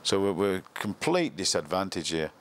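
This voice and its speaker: Older man, low voice, plainspoken interview recollection, colloquial turns of phrase. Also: very animated, normal speed. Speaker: former football coach. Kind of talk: retrospective interview.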